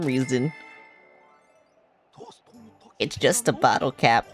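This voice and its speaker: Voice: medium pitch, takes it slowly, long pauses, faint music behind. Sarcastic, swearing game streamer. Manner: sarcastic, swears often, jokes about the game. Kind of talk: casual live-stream commentary.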